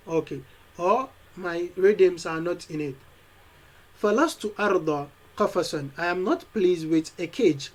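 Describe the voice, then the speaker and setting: A man's voice: sits high, a little mellow, poor audio. A man teaching an Arabic lesson, reading lines of a poem and explaining each word in English, with frequent restarts. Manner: reads verse slowly, then explains in English with restarts.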